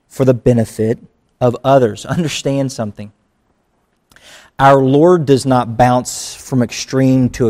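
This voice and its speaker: A male pastor delivering a conversational sermon, mixing earnest teaching with quick acted asides. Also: medium pitch, mellow.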